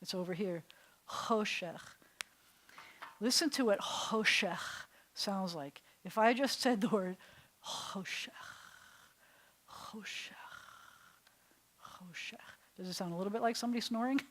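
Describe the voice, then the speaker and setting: A woman rabbi teaching a Hebrew class in a synagogue classroom, enthusiastic, slowly sounding out breathy words. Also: medium pitch, a bit bright. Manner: enthusiastic, drawn-out breathy pronunciations.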